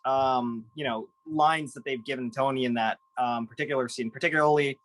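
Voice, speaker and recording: A man co-hosting a casual film podcast, earnest and measured, with a few stammers. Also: medium pitch, steady tone, fairly bright tone, no echo. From United States. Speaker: podcast co-host.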